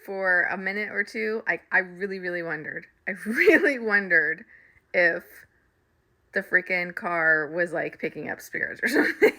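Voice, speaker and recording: A middle-aged woman, a spiritual reader and coach, casually telling her viewers a story, animated and laughing often. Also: on the low side, moderate pace.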